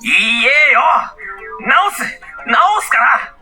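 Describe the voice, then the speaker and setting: A man's voice: extremely high pitch, sing-song, slow pace, exaggerated voice. An actor voicing a touchy, devoted young rabbit-eared man in a dating game, blunt and insistent. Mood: indignant. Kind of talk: dubbed dating-game voice acting. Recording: game audio with faint music. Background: faint game music.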